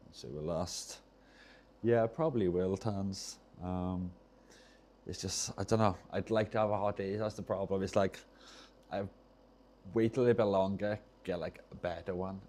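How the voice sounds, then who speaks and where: A man talks in a relaxed, meandering way at his workbench, often trailing off and restarting his thoughts. His voice sits very low and sounds soft and mellow. A faint hiss runs underneath. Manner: rambling, loses his train of thought, self-interrupting. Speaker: streamer repairing controllers. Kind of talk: casual livestream chat while soldering.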